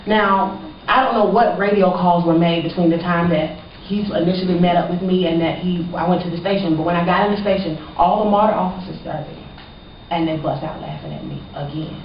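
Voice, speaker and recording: A woman's voice: fairly low pitch, steady tone, brisk, highs cut off, a little hiss or hum. A woman speaking on a university panel, earnestly telling a personal story and quoting the people involved, recorded from a distance in a lecture hall. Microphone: far from the mic.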